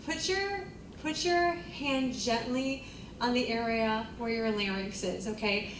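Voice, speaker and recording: A woman's voice: a little high, slow, noisy background. A woman vocal coach leading a group singing class, encouraging the students and singing vowels to demonstrate. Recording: roomy, distant mic, loud music.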